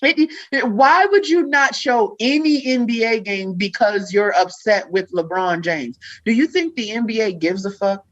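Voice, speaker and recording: A woman's voice: medium pitch, moderate pace, few pauses. A woman hosting a podcast, ranting in casual chat with lots of swearing and frequent laughs. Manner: profane ranting, laughs often. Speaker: podcast host. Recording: dull lo-fi sound.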